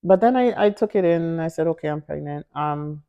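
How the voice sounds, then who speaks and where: Woman telling a personal story, low-pitched. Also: brisk, clear, resonant tone, highs cut off. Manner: animated, acts out quoted voices, laughs often. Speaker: interview guest.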